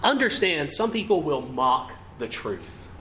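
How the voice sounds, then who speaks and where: A man's voice: fairly high pitch, very animated, unhurried, bright, forceful tone, a little hiss or hum. A man preaching a sermon with emphasis and rhetorical questions. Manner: emphatic, rising and falling delivery with rhetorical questions.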